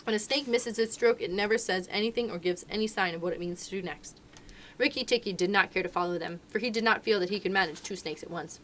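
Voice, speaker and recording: A woman, a children's librarian, reading a storybook aloud with expressive, lively narration. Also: medium pitch, fast, a little hiss or hum.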